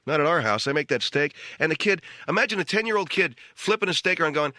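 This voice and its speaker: Middle-aged male radio comic, deadpan ranting monologue, bright tone, swings pitch a lot, dry studio sound. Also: quick pace, few pauses, dry recording. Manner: deadpan rant jumping to shouted quotes. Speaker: radio comedy host. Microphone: studio radio mic.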